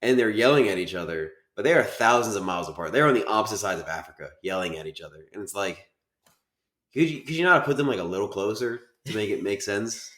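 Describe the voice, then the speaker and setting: Deep-voiced man ranting in an echoey room. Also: expressive, quick pace, fairly bright tone. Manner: emphatic, repeats points in frustrated rants. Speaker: podcast co-host. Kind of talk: casual film review chat.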